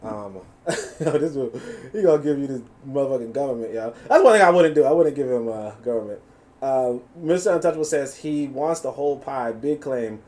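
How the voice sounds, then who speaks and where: A man with a New York accent giving animated, profane live reaction commentary. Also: mid-range voice, fairly quick. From USA. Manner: animated, profane, laughing asides. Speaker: reaction streamer.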